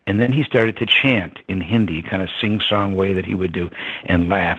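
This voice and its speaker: An older man with a husky voice, reflectively telling a story as an interview guest. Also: sits low, normal speed. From United States. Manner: reflective, with many ums and soft laughs. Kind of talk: storytelling in conversation. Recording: dull lo-fi sound.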